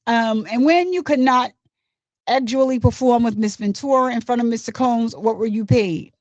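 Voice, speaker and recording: A woman's voice: fairly high pitch, a little mellow, dry recording, natural voice. A woman reading as a formal trial attorney. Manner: measured, formal questioning. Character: courtroom attorney questioning a witness. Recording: dull lo-fi, dry.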